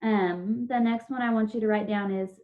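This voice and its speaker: A woman's voice: medium pitch, steady tone, moderate pace. Patient woman teaching spelling online. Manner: patient, step-by-step, spelling out sounds. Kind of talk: online spelling lesson for children. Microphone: video call. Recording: dull lo-fi video call audio.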